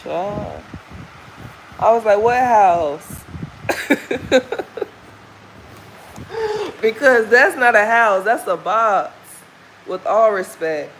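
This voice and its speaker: A woman's voice: medium pitch, expressive, very slow, pauses often, a bit bright, slight background noise, low-quality recording. Chatty Southern American woman vlogging. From Southern United States. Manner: candid, chatty, folksy. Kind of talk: casual chat while walking. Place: outdoors on a walk.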